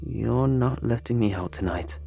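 A man voicing a calm, menacing male prison inmate who taunts in a quiet, insistent way. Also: lowish voice, a little slow, husky, soft background music.

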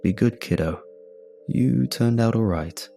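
A man voicing a calm, kindly older father who speaks softly and reassuringly. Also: fairly low pitch, measured pace, creaky, soft background music. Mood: tender.

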